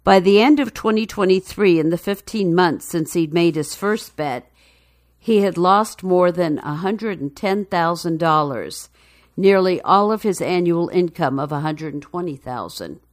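A woman reading a news feature story in a measured, even narration. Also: fairly low pitch, dry recording, studio quality.

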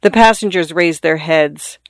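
A narrator reading a classic story aloud in a measured, descriptive way. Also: medium pitch, no echo. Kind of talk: scripted audiobook narration.

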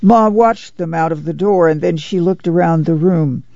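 Gravelly man reading a novel. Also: fairly high pitch, darkish tone, no echo, muffled recording. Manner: measured, unhurried storytelling. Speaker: audiobook narrator. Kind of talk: scripted novel narration.

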